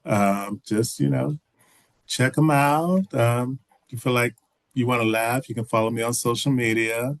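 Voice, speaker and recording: A man's voice: medium pitch, measured pace, no echo. A man, a filmmaker guest from Texas, telling stories in a casual video call interview with many restarts and "you know"s.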